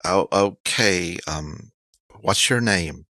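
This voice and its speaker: A man's voice: deep voice, slow pace, pushed and bright, dry recording, studio quality, heavily acted. A man voicing a nervous, polite stranger who stammers through every sentence. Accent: Icewind Dale (fictional).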